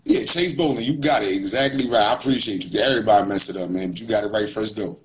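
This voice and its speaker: A man's voice: lowish voice, fast talker, a little hiss or hum, rough recording. A middle-aged man, a guest author, talking in an easygoing, slangy way in a casual interview.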